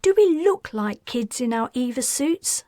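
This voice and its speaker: A woman's voice: high voice, lively intonation, a little slow, dark tone, no room sound, studio quality, voice pushed up. A woman reading an eager thirteen-year-old girl who keeps chiming in. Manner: chimes in, eager.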